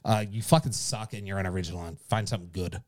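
A man's voice: low voice, steady tone, fast talker, darkish tone. A man co-hosting a podcast in casual chat, blunt and sardonic, swearing freely. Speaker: podcast co-host.

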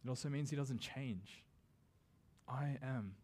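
Man, pastor, sermon, casual and conversational, middle pitch, dramatic slow emphasis on quotes. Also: a little mellow. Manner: casual and conversational, with self-deprecating asides.

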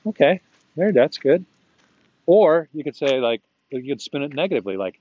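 A man's voice: mid-range voice, expressive, moderate pace, long pauses, a little mellow, slightly rough, dull audio. A man hosting a podcast, rambling casually to himself and his dog while walking outdoors and chuckling often. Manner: chatty and self-talking, chuckles often. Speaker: podcast host.

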